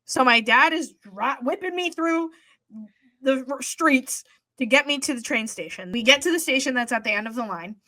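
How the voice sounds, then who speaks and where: A young woman co-hosting a podcast tells a story in casual chat, animated and swearing freely as she acts out what people said. Her voice is high-pitched at a normal speed, and the recording is dry.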